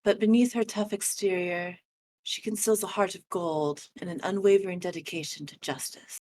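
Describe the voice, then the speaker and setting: A woman putting on a low, hardboiled noir narration for her female detective in a tabletop game. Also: steady tone, moderate pace, darkish tone, lightly acted. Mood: brooding. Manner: low, smoky noir delivery.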